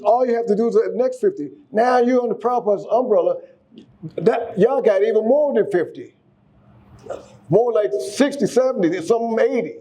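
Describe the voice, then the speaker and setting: Man, casual sermon, high voice, warm and mellow tone, coaxing the crowd. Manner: exhorting, repeats and restarts words, coaxes the audience to respond. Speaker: speaker giving a class.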